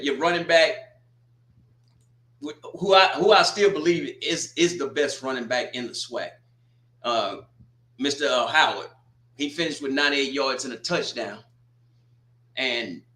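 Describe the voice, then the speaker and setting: Male sports commentator, casual and animated, slightly high voice. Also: echoey room. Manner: animated, exclaiming and joking. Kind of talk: casual football recap.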